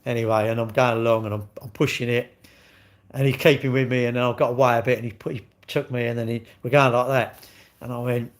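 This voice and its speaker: A man's voice: mid-range voice, steady tone, fast talker. Man in his sixties, live-stream chat, rambling, sweary, self-mocking. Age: 60s. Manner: chatty, self-mocking, answers viewers.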